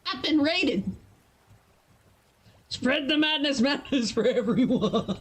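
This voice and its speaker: A woman's voice: a little high, very animated, breathy edge. A tired woman chatting playfully with her live-stream viewers as she gets ready to write. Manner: chatty and playful, quick to laugh. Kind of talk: casual live-stream chat.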